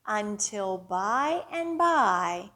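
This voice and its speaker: A woman, a children's librarian, leading a storytime with a slow, sing-song, animated storyteller voice. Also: mid-range voice.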